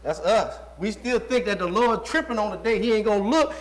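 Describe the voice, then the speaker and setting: A man's voice: high-pitched, lively intonation, a little fast, few pauses. A man in his forties preaching a sermon in a folksy, conversational way, asking the congregation rhetorical questions. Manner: rhetorical call-and-response questions. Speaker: pastor.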